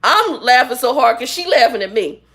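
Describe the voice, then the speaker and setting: A woman in her fifties chatting casually on her vlog, telling stories with a sarcastic, animated manner. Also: fairly high pitch, moderate pace. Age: 50s. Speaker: vlogger and ministry leader. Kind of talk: casual chat, storytelling.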